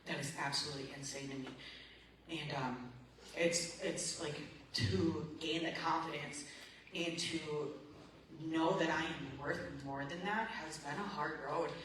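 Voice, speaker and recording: A woman sharing her recovery story at a support meeting, emotional and rambling with lots of "like" and "man". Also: low voice. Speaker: recovery group member. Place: meeting room. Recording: very echoey room, voice far from the mic, background noise.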